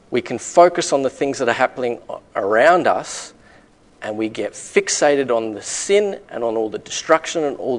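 Brief: male preacher, middle pitch, emphatic sermon delivery with rhetorical questions. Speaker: pastor.

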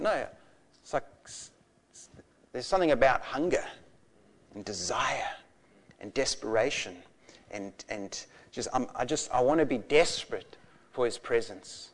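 A man in his forties preaching a sermon, passionate and animated, telling stories with bursts of laughter. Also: medium pitch, measured pace, pauses often. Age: 40s. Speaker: pastor.

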